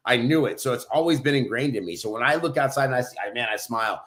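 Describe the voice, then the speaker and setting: A man's voice: medium pitch, lively intonation, fast talker, a bit bright. Upbeat motivational podcast host, man. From New Mexico, USA. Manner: upbeat, pep-talk delivery. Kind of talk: motivational casual talk.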